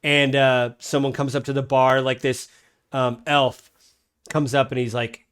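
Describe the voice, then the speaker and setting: A man's voice: medium pitch, level tone, moderate pace, clean tone. A man narrating a tabletop game as game master, rambling with many fillers.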